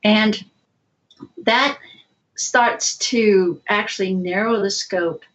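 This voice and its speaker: A woman guest researcher explaining things in a measured, patient way during an interview. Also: mid-range voice, fairly bright tone, dull audio.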